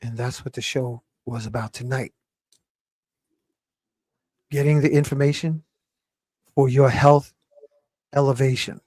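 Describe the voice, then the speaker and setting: A man hosting a live talk show, lecturing in an emphatic, animated way. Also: mid-range voice, measured pace, pauses often, dry recording. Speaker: show host.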